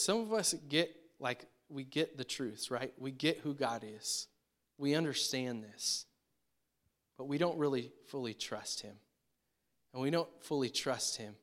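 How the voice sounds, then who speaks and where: A man's voice: medium pitch, fairly bright tone. A man preaching a sermon in a conversational, emphatic way, often checking in with the congregation. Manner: conversational, emphatic, frequent rhetorical "right?". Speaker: pastor.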